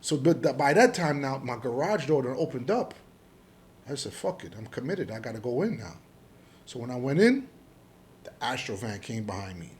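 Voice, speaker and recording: A middle-aged man from Jamaica, telling his story as a podcast guest in an animated, profane way, acting out the dialogue. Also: medium pitch, a little hiss or hum. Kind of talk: casual storytelling interview.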